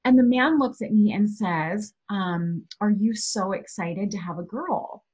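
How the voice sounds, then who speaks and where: A woman in her thirties telling a story in casual chat, animated and filled with "like". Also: mid-range voice, measured pace, husky.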